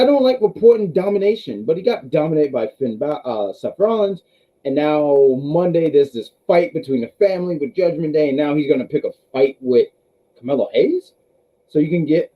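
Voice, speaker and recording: A man's voice: fairly high pitch, mellow, low-quality recording. A man hosting a casual wrestling review stream, rambling with restarts and talking to his live chat.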